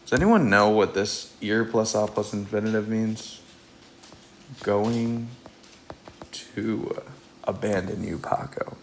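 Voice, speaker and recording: A man's voice: on the low side, slight background noise. A young man teaching Spanish, reading a storybook aloud and explaining it in English at a patient pace. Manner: slow and patient, switching between reading and explaining.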